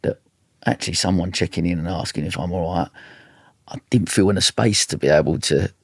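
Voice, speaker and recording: A man's voice: deep voice, brisk, gravelly, husky, no echo, studio quality. A man, a podcast host rambling through his thoughts with many restarts. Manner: rambling, restarts, says "mate". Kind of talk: casual conversation.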